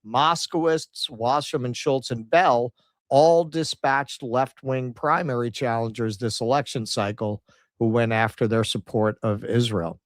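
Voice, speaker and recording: A man's voice: medium pitch, dry recording, studio quality. Sarcastic man reading out poll numbers. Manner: sarcastic, reads out poll numbers and quotes, mocking asides. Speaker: political commentary co-host. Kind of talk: casual political commentary stream.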